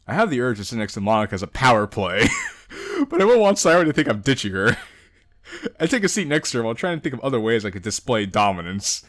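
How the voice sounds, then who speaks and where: Animated young man reading a game aloud. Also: medium pitch, fast talker, dry recording, studio quality. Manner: animated, laughs often, reads and jokes. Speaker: gaming channel host. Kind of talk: casual let's-play narration of a visual novel.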